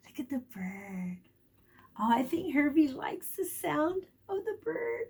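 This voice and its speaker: A woman's voice: sits high, slow. A woman teacher reading a picture book aloud to young children, asking them questions as she goes. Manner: warm, animated storytelling with questions to children.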